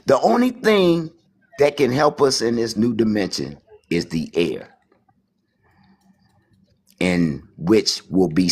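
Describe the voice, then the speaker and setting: A husky, low-voiced man with a Washington, D.C. accent calls in remotely and rambles through a spiritual monologue. He is preachy and repetitive, often saying "you understand."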